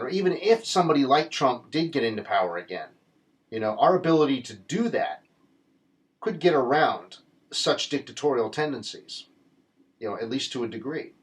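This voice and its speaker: A man's voice: mid-range voice, expressive, fairly quick. Earnest rambling man. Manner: earnest, rambling, with frequent restarts and fillers. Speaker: political commentator. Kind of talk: casual political commentary monologue.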